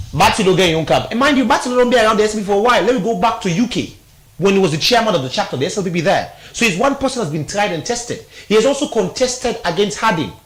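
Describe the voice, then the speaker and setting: A man's voice: high-pitched, fairly bright tone. A man with a Sierra Leonean Krio-inflected accent, giving political analysis on a radio talk show, emphatic and mixing Krio with English.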